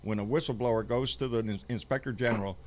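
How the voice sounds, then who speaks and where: A man's voice: medium pitch, steady tone, fast talker, very noisy. A man hosting a live political talk show, talking bluntly and profanely in an emphatic, fired-up way. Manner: blunt, profane, fired-up, calls people "baby".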